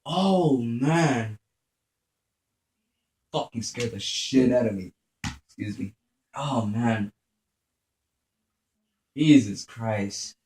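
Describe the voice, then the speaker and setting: A man's voice: medium pitch, extremely slow, long pauses. A man giving profane gameplay commentary. He mutters to himself and yelps in panic when startled. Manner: mutters quietly to himself between outbursts. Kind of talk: profane let's-play commentary. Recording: roomy echo with steady background noise.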